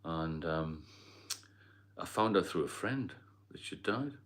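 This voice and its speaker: A middle-aged man from Northeast England hosts a casual livestream chat, rambling as he answers viewer comments in a mix of Geordie and London accents. His voice sits low and a bit bright, with lively intonation, and he takes it slowly.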